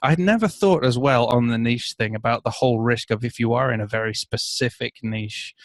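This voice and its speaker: A man from the United Kingdom hosting a podcast interview in a casual, chatty way, quick to laugh and enthusiastic. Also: mid-range voice. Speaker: podcast host.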